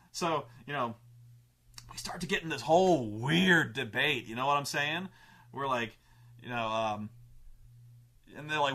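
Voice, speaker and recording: A man telling gaming stories in a casual monologue, animated, swearing and acting out players' quotes in raised voices. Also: mid-range voice, normal speed, long pauses. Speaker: show host telling tabletop gaming stories.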